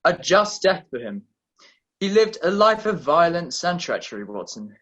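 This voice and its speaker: A man's voice: fairly high pitch, very animated, moderate pace, fairly bright tone, highs cut off. Sherlock Holmes, played by a man. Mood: assured. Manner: crisp, confident explanations. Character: calm, brilliant male detective. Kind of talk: radio drama acting.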